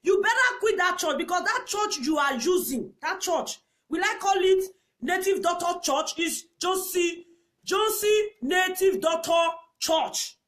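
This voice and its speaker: A woman with a Nigerian accent delivers a heated rant in a very high voice. She scolds, repeats her points over and over, and breaks into shouts and laughter. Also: animated, unhurried. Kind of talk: angry ranting commentary.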